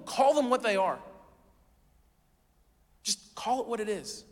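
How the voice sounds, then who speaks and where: A man's voice: high-pitched, expressive, measured pace, long reverb tail. A man preaching a sermon as pastor, in a casual, conversational way full of rhetorical questions.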